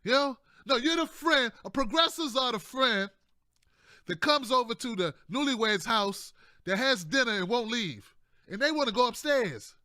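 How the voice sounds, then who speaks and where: A male host giving casual political commentary in a loose, joking way. His voice is high and bright, with a pointed edge. The sound is dry and close, with no room echo. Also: animated, normal speed. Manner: loose and conversational, keeps adding "man" and "y'all", jokey asides.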